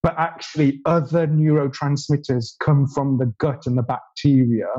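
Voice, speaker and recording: A man's voice: medium pitch, level tone, moderate pace, warm tone, highs cut off. A man talking as a guest chef in a casual podcast chat, explaining gut health with enthusiasm and laughing easily.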